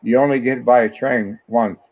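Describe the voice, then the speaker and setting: A man's voice: mid-range voice, steady tone, brisk. Older man rambling over a tinny phone line. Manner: rambling anecdotes with restarts. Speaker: guest, host's father. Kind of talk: casual storytelling. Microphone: phone call.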